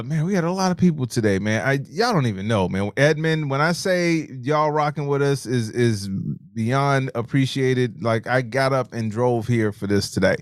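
A man's voice: medium pitch, clean tone, dry recording, studio quality. A man co-hosting a live show, telling stories animatedly, swearing freely and reading out viewer comments. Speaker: livestream co-host.

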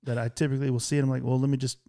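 A man hosting a casual studio chat, talking in a lively, jokey way and acting out bits of his stories. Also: mid-range voice, very fast, creaky. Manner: animated, jokey, acts out voices in stories. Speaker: podcast host. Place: office studio. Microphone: studio mic with headphones.

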